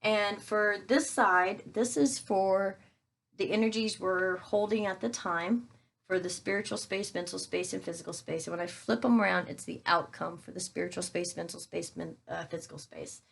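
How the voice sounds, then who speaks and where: A woman's voice: medium pitch, steady tone, moderate pace, vocal fry. Chatty woman reading tarot. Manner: chatty, addresses viewers as guys, thinks aloud with fillers. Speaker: tarot reader. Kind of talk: casual tarot reading for viewers.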